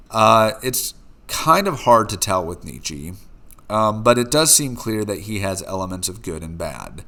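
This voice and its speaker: A middle-aged man with a low voice gives a philosophy lecture. He talks unscripted, his sentences broken by frequent uh and um fillers. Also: sing-song, a little slow, pushed and bright. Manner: unscripted, many uh and um fillers, reads quotes with rising emphasis.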